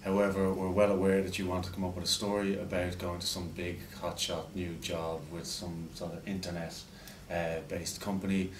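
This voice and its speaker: A man giving a deadpan, mock-formal leaving speech to a colleague, hesitating with fillers. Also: low voice, moderate pace, few pauses. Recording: roomy echo, mic far off, faint noise.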